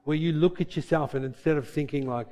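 A man's voice: on the high side, fast, warm tone, faint music behind. A middle-aged man preaching a sermon as pastor, earnest and impassioned, often acting out the voices of believers.

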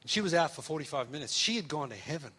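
A man's voice: a little high, fast talker, husky. A man, preaching and telling a testimony story, acting out the voices of the people in it. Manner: animated, acts out quoted voices.

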